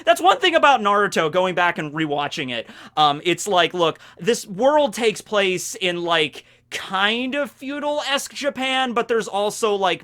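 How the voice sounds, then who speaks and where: A young man talking casually and animatedly about an anime, rambling and poking fun at himself. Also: high voice. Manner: animated, rambling, self-mocking with quick laughs. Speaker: anime discussion youtuber. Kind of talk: casual video commentary.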